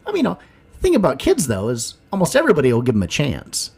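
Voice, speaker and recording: Lively, animated male podcast co-host. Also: fairly high pitch, quick pace, gravelly, breathy edge. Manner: animated, jokey storytelling. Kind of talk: casual chat.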